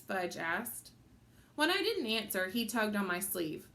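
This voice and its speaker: A woman reading a children's chapter book aloud in an expressive, storytelling manner. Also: mid-range voice, a little slow. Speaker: audiobook reader. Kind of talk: children's audiobook narration.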